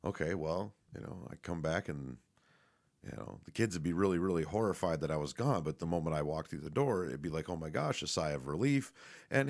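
A man's voice: deep voice, lively intonation, fairly quick. A man rambling casually and profanely, with lots of fillers, restarts and laughs. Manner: laughs often while talking.

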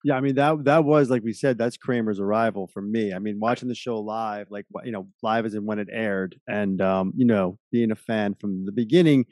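A man's voice: lowish voice, fairly quick, hardly any pauses, darkish tone, no room sound. Man hosting, dry close sound. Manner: enthusiastic fan, affirming. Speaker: podcast host. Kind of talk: casual interview chat.

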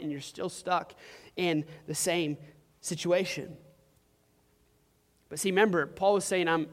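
A young man preaches in a casual, story-driven way, full of "like" and "um." His voice sits high, and a long hall reverb trails behind him. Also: fairly bright tone. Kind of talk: sermon. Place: church hall.

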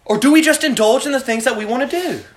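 A man's voice: very high voice, quick pace. A man leading a youth Bible study, preaching and quizzing his students by name. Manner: preachy, asks the group questions, calls on students by name. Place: room with a student group. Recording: echoey room.

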